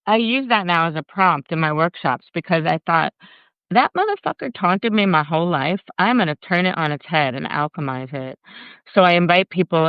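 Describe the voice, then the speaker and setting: A woman speaking as a guest in a casual live video chat, animated and freely swearing, acting out her inner voice in quotes. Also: sits low, smooth, no room sound, muffled recording. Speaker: guest, workshop leader. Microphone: video call.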